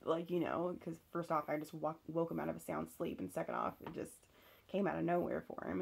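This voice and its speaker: A woman's voice: low voice, flat delivery, fast, gravelly, a little mellow, husky. A young woman candidly telling a personal story, swearing freely and using lots of fillers. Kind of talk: casual storytelling.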